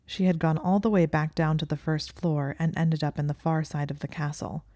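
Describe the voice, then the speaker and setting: Low, mellow woman reading a story. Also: flat delivery, normal speed, dry recording, studio quality. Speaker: narrator. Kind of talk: fan fiction reading.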